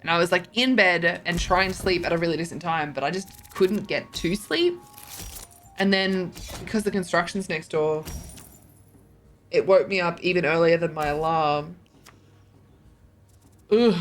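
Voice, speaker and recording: A woman's voice: on the low side, steady tone, unhurried, pauses often, a bit bright, a little hiss or hum. A tired woman streaming a card game, chatting casually with her viewers, yawning and joking as she stumbles over her words. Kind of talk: casual live-stream chat while gaming.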